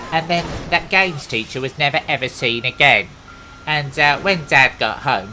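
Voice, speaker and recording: A man's voice: medium pitch, sharp tone, a little hiss or hum, rough recording. Rambling boastful Cockney man. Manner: boastful, absurd, chatty tangents. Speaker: gaming comedy host. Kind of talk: rambling comic monologue over gameplay. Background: music.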